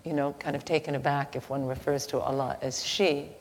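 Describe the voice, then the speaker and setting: A woman giving a slow, halting devotional teaching with a story, soft-spoken, recorded in an echoey hall with faint ambient noise. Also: a bass voice, little pitch movement. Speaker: spiritual teacher.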